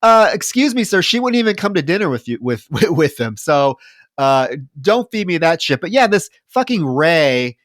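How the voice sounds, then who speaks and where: A man on a movie podcast, fed up with a film's plot, swearing and mocking it in casual chat. His voice sits a bit high and swings widely. The sound is dry and close. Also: very animated, moderate pace, fairly bright tone, no room sound. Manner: exasperated, profane, mocking retellings. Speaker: podcast co-host.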